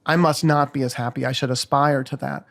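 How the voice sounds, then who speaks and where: A man's voice: medium pitch, fairly even intonation, brisk, a bit bright. An older man speaking as a podcast guest, talking frankly and reflectively and swearing freely in casual conversation.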